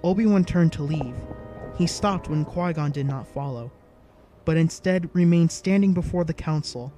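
A man reading a story aloud in an even, measured narration style. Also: on the high side, soft background music. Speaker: audiobook narrator. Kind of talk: scripted narration.

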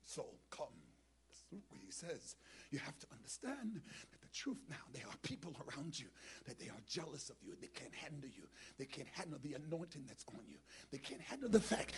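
A man preaching as a bishop, with call and response to the congregation, swinging from low muttered asides to shouted preaching. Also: very animated, fairly quick, slightly rough. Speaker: bishop preaching as guest speaker. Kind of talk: black church sermon with call and response. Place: church sanctuary with congregation.

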